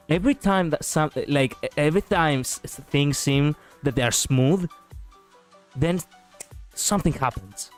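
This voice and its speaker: Animated streamer man, laughs a lot. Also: on the high side, measured pace, soft background music. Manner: animated, laughs often, stumbles and restarts. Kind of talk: casual gaming commentary, reading story text aloud.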